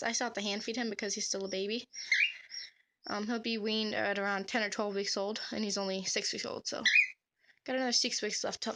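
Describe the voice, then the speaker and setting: A woman's voice: on the high side, very noisy. A woman vlogging about her pet cockatiel, chatting casually and cooing to the bird in a sing-song baby voice. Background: cockatiel chirping.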